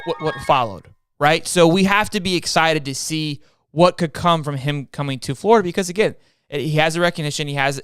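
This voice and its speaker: A young man hosting a casual sports talk stream, energetic and repeating his words as he goes. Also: a little high, clear, resonant tone, no room sound, studio quality. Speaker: host.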